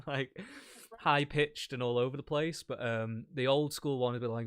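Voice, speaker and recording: Relaxed swearing Englishman, dry close sound. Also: mid-range voice, moderate pace, clear, resonant tone, no room sound. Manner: relaxed, swears casually, laughs often. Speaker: debate guest. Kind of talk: casual chat.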